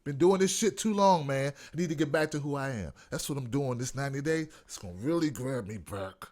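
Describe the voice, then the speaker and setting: A man's voice: medium pitch, a little fast, darkish tone. A man from Washington, D.C., hosting a live call-in commentary show, reading viewer comments and ranting bluntly with lots of profanity. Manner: profane, blunt, mocking, no filter; reads viewer comments aloud. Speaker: host.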